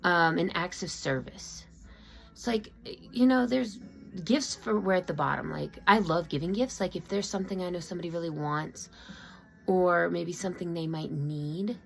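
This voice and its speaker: A woman with a lowish, heavily gravelly voice talks from her room at home in a loose, confiding way. She rambles and restarts often, full of "um" and "like". Faint music plays behind her. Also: normal speed. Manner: rambling, open and emotional, many fillers and restarts. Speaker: vlogger. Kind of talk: casual personal confiding talk.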